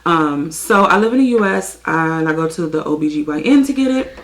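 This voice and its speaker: A woman's voice: low voice, expressive, fairly quick. A young woman from the USA talking casually to her camera in a home basement, chatty and full of filler words. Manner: chatty, many "um" fillers, apologetic asides. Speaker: vlogger. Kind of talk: casual vlog talk to camera.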